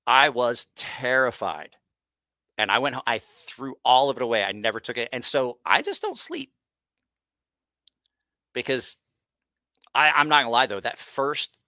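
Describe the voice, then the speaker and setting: A man with a bright, forceful voice tells a loose, cursing story to his viewers. He restarts his sentences often and lets the tale wander. The sound is close and dry, with no room around it. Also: medium pitch, no echo. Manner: rambling, profane, frequent restarts. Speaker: host. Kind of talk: casual livestream storytelling.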